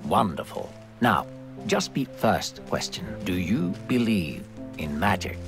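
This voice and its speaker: A man voicing a disembodied guide in a video game who quizzes and directs a little girl in a gentle, teasing manner. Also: lowish voice, sing-song, slow pace, creaky, heavily acted. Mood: quizzing. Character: disembodied male guide voice, smooth and sly. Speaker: narrator voice in a game. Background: game music.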